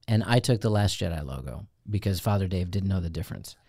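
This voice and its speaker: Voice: low-pitched, animated, quick pace, warm tone, slightly rough, no room sound, studio quality. A professor co-hosting a podcast, chatty, playful and enthusiastic in casual talk. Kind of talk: casual chat.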